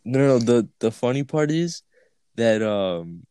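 A man co-hosting a podcast, telling stories in a quick, joking way and laughing often. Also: mid-range voice, expressive, dark tone, smooth, no room sound. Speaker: podcast co-host. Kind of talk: casual chat.

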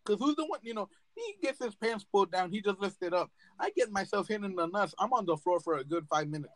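A man's voice: high voice, animated, fast, dry recording, low-quality recording. A young man hosting a casual podcast chat, telling stories with lots of swearing and laughter. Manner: storytelling, swears freely, laughs often. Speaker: podcast host.

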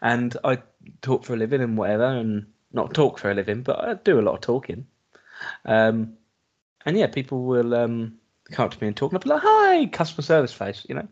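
A man's voice: mid-range voice, a little fast, a little mellow. A man, co-hosting a podcast in casual chat, wry, teasing and talkative. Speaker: podcast co-host. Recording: dull lo-fi sound.

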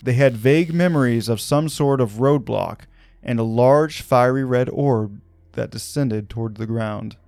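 A man telling a story on a podcast, loose and conversational, slipping in casual fillers. His pitch sits in the middle of the range, and the sound is dry, with no echo. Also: a little slow, gravelly, a little mellow. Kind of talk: conversational narration of a paranormal story.

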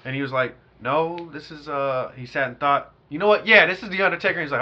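Animated slangy man on a lo-fi podcast. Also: on the high side, fast talker, hardly any pauses. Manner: animated storyteller, slangy, acts out quotes. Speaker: podcast co-host. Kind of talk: casual podcast chat. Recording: dull lo-fi sound.

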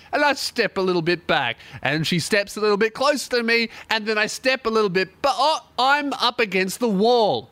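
A man's voice: sits high, bright, forceful tone, no room sound. A young man telling a profane comic story, laughing often. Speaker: comedian host.

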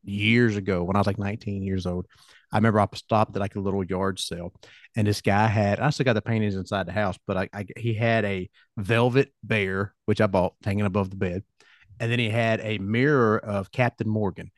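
A middle-aged man with a country Southern accent, hosting a podcast and telling relaxed, rambling stories. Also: fairly low pitch, brisk, dry recording, studio quality. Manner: relaxed, rambling anecdotes with fillers. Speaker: podcast host. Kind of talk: casual podcast chat.

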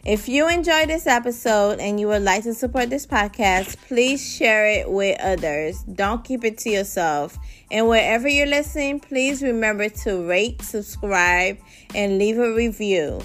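Slow-talking young mom podcaster. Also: female voice, medium pitch, a bit bright, soft background music. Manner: chatty, addresses listeners as y'all. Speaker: podcast host. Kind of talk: casual chat.

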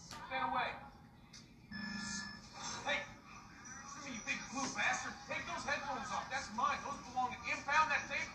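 A brash space outlaw, high and bright. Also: male voice, a little slow, pauses often, slightly rough, soft background music, full character voice, rough recording. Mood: defiant. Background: film playing on a television.

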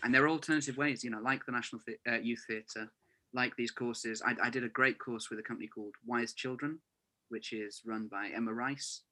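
A man's voice: medium pitch, steady tone, a little fast, bright, forceful tone. A man in his twenties, an actor, chatting as a podcast guest in an earnest way, often saying "you know". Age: 20s. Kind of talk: casual chat. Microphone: remote call.

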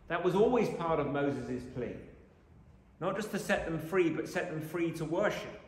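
Preacher in an echoey church hall. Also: male voice, on the high side, moderate pace. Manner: dramatic, swings from loud to hushed, acts out grumbling voices. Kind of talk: sermon.

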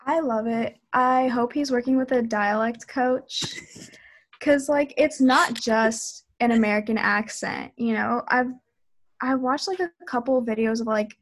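Excitable young woman, slightly high. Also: a little slow. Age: young adult. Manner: eager and excitable. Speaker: podcast co-host. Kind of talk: casual chat. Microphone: video call.

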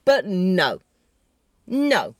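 A woman's voice: on the low side, wildly swooping pitch, drawn-out words, dry recording, clean studio sound. A woman delivering an impassioned, blunt and profane political rant, heated and sarcastic. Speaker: political commentator. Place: in the country she discusses.

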